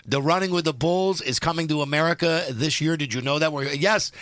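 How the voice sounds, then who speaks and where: A man's voice: a little high, a little fast, a bit bright, dry recording. Sardonic rambling male radio host. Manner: rambling, sardonic, hops between topics. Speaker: radio talk show host. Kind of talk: casual radio talk. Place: radio studio. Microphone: studio microphone, dry.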